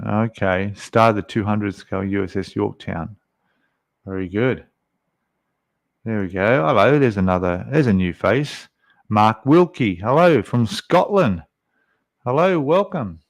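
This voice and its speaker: A man's voice: on the low side, gravelly, no room sound. An Australian man hosting a casual live stream, rambling and chatty as he reads out viewer comments. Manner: rambling, chatty, lots of fillers.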